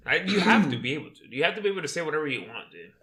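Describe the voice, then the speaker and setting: A man's voice: on the high side, sing-song, racing, fairly bright tone. A man in casual chat, brash and provocative.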